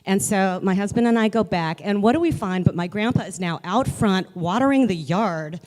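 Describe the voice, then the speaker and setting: A woman telling a personal story in an animated, chatty way, with many fillers. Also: medium pitch, normal speed, big-room sound.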